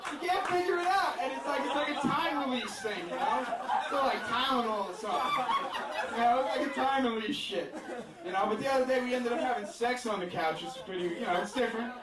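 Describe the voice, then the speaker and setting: Male stand-up comic with a high voice, crude and rambling, distant echoey club recording with a roaring crowd. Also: a little fast. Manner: rambling, crude, self-deprecating with many fillers. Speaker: stand-up comedian. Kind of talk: stand-up comedy set. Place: comedy club stage with a laughing crowd.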